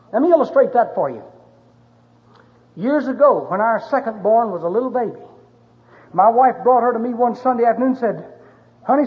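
A middle-aged male pastor preaching a sermon, telling a story with passion and rising to shouted pleas. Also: very high voice. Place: church sanctuary. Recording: dull recording with long hall reverb.

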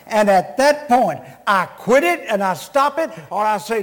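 A man's voice: high voice, animated, measured pace, hardly any pauses. A man preaching a revival sermon, blunt and scolding, joking with the congregation. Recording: long reverb of a large hall.

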